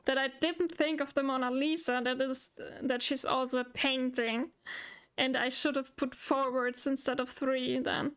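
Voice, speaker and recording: A woman streaming live, chatting, thinking aloud and getting excited. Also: high-pitched, a little slow, smooth. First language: German. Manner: excitable, talks to herself while thinking. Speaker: VTuber streamer. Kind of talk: live game stream chat.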